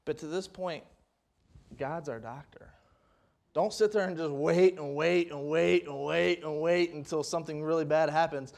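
Man, young adult, preacher, high voice, folksy sermon, rambling restarts, loud emphatic peaks. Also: fairly even intonation, normal speed, vocal fry.

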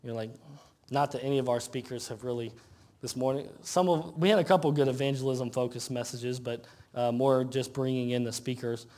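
A pastor preaching a conversational sermon, asking rhetorical questions and reading scripture slowly. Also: male voice, medium pitch, steady tone, darkish tone. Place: church sanctuary.

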